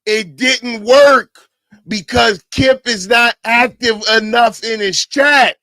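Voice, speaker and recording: A man hosting a livestream, loud and excitable, often shouting as he talks to his chat. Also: extremely high pitch, takes it slowly, dry recording. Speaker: livestream host. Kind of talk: reacting to a clip for chat.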